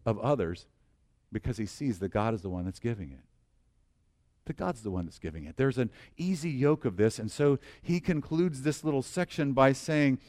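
A middle-aged man preaches in an earnest, emphatic way. His voice sits a little high for a man and moves widely, sinking to near-whispered low phrases and then climbing to loud calls for the congregation to repeat after him. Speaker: pastor. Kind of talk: sermon.

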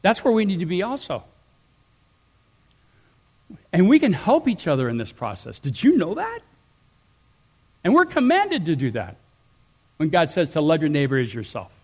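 A middle-aged man preaching a sermon, animated, swinging between loud emphatic rises and quiet asides. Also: fairly high pitch. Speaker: pastor.

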